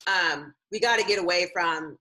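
A woman's voice: lowish voice, normal speed, sharp tone, rough recording. A woman co-hosting a casual live-streamed chat, talking earnestly with many fillers and restarts. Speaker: co-host.

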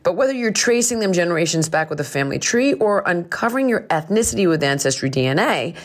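A woman's voice: fairly low pitch, big pitch swings, fast talker. Upbeat woman host reading an ad. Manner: upbeat, direct to listeners. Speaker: podcast host. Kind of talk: ad read.

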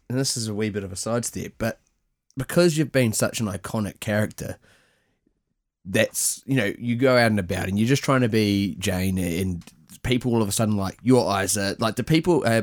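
A man's voice: on the low side, fairly quick. A Scottish man hosting a podcast, asking meandering questions in casual chat with restarts and casual swearing. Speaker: podcast host.

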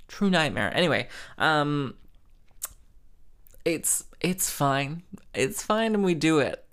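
A man's voice: on the high side, wildly swooping pitch, takes it slowly, gravelly, a bit bright. A man hosting a solo podcast, telling stories in a rambling, self-mocking way, full of fillers and dramatic asides. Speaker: podcast host. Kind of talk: solo casual storytelling chat.

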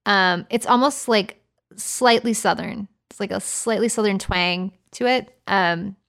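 A woman's voice: medium pitch, a little slow, gravelly, fairly bright tone. A Canadian woman co-hosting a podcast in casual, playful chat. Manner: chatty, playful, slips into joking accent impressions. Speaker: podcast co-host.

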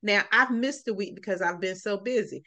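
This medium-pitched, brisk woman is a guest on a podcast, chatting casually in an interview. She tells stories with sarcastic, comical flair, animated throughout and acting out plenty of quotes.

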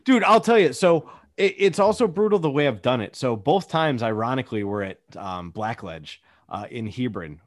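A young man chatting casually as a podcast co-host. He tells stories with animation, acting out what people said, his pitch swinging widely. The sound is dry and close. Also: normal speed, hardly any pauses, no echo. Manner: animated storyteller, acts out quotes. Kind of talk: casual chat.

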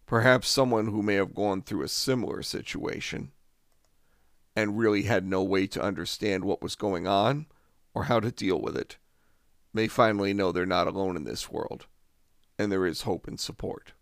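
A man in his forties recounts a personal story in a deep, low register, frank and now and then wry. His voice carries a gravelly fry. The sound is dry and close, with no room around it. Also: normal speed, no echo. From Albany, New York. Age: 40s. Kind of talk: first-person true-story narration.

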